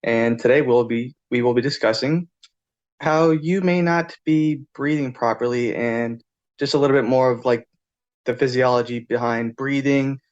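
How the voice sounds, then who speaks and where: A man's voice: medium pitch, steady tone, normal speed. Guy hosting a podcast, laid back questions, kinda muffled lo-fi audio. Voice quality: casual, loose phrasing with fillers. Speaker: podcast host. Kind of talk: podcast interview.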